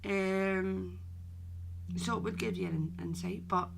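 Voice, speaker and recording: A woman's voice: mid-range voice, fairly even intonation, takes it slowly, vocal fry, noisy background. A woman hosting a live stream as a medium, chatting casually with viewers and calling them "my darling".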